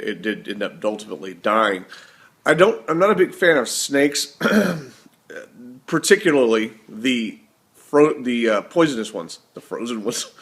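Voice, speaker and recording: A man's voice: mid-range voice, a bit bright. Rambling man vlogging to camera. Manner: rambling and self-correcting. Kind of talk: casual monologue to camera.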